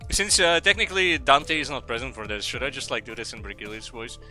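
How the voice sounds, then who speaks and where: A man's voice: medium pitch, quick pace, sharp tone, faint music behind. A young man streaming live, chatting casually in a rambling, profane and self-mocking way.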